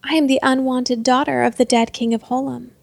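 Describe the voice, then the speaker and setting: A proud, vengeful princess who taunts her captive in a calm, menacing tone, as a storybook narrator puts her on. The voice is fairly high with a gravelly grain. It is recorded close and dry. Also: brisk, dry recording. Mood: cold, taunting.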